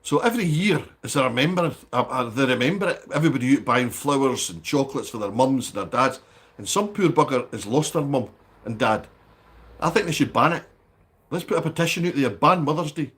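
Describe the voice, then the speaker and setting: A man's voice: mid-range voice, animated, fairly quick, fairly bright tone, husky. A man hosting a live stream, chatting casually and bantering with viewers by name. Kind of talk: casual livestream chat reading viewer comments.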